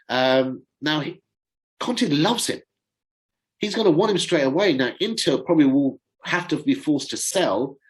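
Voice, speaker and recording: A man's voice: fairly high pitch, rough recording. Chatty middle-aged man rambling about football. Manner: chatty and rambling, fumbles for names. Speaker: fan channel host. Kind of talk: casual football commentary.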